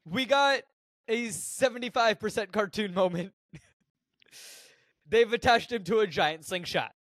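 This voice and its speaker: A man co-hosting a podcast, casually recapping a film from his notes with animated jokes. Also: high voice, unhurried, no room sound. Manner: animated, joking, reads notes aloud. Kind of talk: casual chat.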